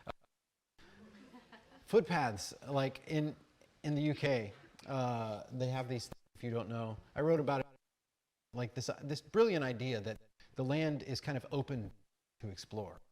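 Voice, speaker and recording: An American man giving a talk, reading reflective passages and telling rambling, animated anecdotes with fillers and restarts. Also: mid-range voice, unhurried, long pauses. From United States. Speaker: speaker at an arts conference. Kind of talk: talk mixing read essay and casual anecdote.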